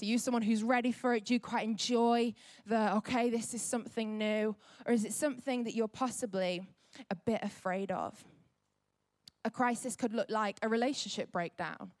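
A young woman preaching a sermon, telling a story with lively acted-out quotes. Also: on the high side, dry recording, clean studio sound. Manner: animated storyteller acting out quotes.

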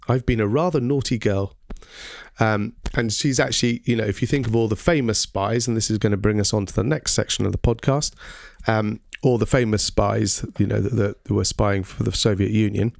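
A man's voice: fairly low pitch, steady tone, brisk, creaky, no echo, studio quality. A man hosting a casual educational podcast, talking with frequent ums and quizzing his co-host.

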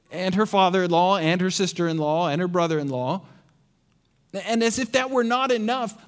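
Male pastor, sermon, high and expressive, quick rhetorical questions. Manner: animated, sarcastic asides, rhetorical questions.

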